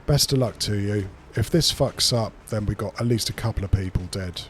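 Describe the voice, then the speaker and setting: A man's voice: fairly low pitch, a little fast. A man streaming a strategy game who talks through his moves in rambling, casual commentary and swears freely.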